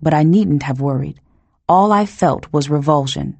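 A woman narrates a first-person novel in a measured, tense way. Her voice is low, dark and mellow with a husky edge. The recording is close and dry, with no room sound. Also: no echo. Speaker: audiobook narrator.

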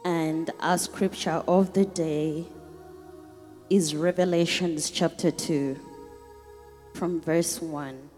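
A woman's voice: deep voice, steady tone, slow, long pauses, darkish tone. A woman preaching a sermon, reading scripture aloud unhurriedly and rising into fervent prayer. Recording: long hall reverb with faint music.

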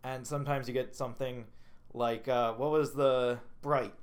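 Guy on a movie podcast, super excited, rambles on retelling scenes, average pitch. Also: moderate pace, clean tone. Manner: enthusiastic, rambling, retells scenes with quoted lines. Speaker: podcast co-host. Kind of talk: casual movie review chat.

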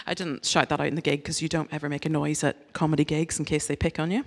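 A woman's voice: a little fast, husky. Woman preaching with humor in a reverberant hall. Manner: lively and humorous, acts out quotes with big pitch jumps. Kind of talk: sermon.

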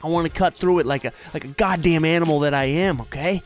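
High-voiced man on a profane rant. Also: fast talker, soft background music. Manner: profane, exasperated, mimics people in voices. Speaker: podcast host. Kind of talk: comedic rant.

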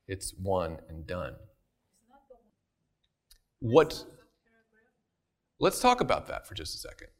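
A man giving a casual Bible study talk, emphatic, repeating phrases for stress and often checking in with his listeners. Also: medium pitch. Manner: emphatic, keeps checking in with "right?". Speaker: Bible teacher.

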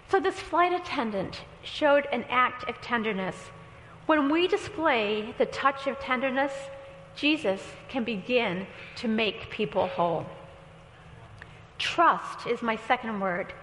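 A woman's voice: on the high side, pushed and bright, slight background noise. A woman pastor preaching a sermon, telling a story with quoted dialogue and light humor. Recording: echoey hall with long reverb.

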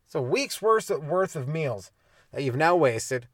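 A man's voice: a little high, big pitch swings, a little slow, a bit bright, no room sound, clean studio sound. A young man from Canada hosting a comedy podcast, ranting on his own, swearing and acting out little scenes in mock voices. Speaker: podcast host, stand-up comedian. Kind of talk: solo comedic rant.

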